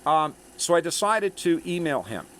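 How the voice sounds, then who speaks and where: A man talks straight to his viewers in a long, rambling monologue. He is emphatic, keeps tossing in "okay?" and "eh?", and his pitch swings up and down with animation. A faint hum of noise sits behind him. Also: big pitch swings, moderate pace, a bit bright. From Canada.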